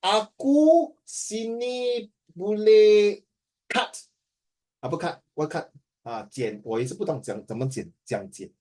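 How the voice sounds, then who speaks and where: A man's voice: medium pitch, animated, moderate pace, husky. A man with a Singaporean English accent tutoring a student in a playful, teasing way, switching between languages. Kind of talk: casual one-on-one tutoring.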